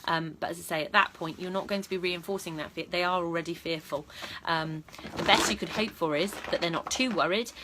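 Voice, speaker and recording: Heavy background noise surrounds a woman talking briskly, with few pauses, in a low-leaning voice. A dog trainer and vlog host, she gives chatty, matter-of-fact advice to camera, stumbling into ums and restarts often.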